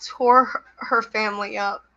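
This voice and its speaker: Slow, bright-voiced woman on a dull call. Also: mid-range voice, fairly even intonation. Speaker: guest, mother of a missing woman. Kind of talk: testimony on a video call. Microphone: video call. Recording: dull lo-fi sound.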